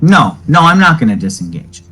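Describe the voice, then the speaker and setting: A game master at a tabletop session speaks in a high-ish, sing-song voice that's sharp and slightly rough, over soft background music on a rough recording. He's chatty, lays out the rules at great length, and asks quick questions whenever something puzzles him.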